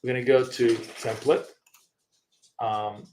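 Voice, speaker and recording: Man, mid-pitched voice, casual live trading commentary, rambling, lots of fillers, swears now and then. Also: level tone, takes it slowly, darkish tone, slight background noise. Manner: casual, rambling, thinks aloud with many fillers and restarts. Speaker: trading show host.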